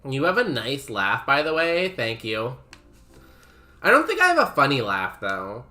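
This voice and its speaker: A man's voice: mid-range voice, huge pitch swings, a little slow, bright, forceful tone. A young man streaming a game, chatting casually with his viewers, laughing often and saying "like" a lot. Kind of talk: casual chat while playing a game.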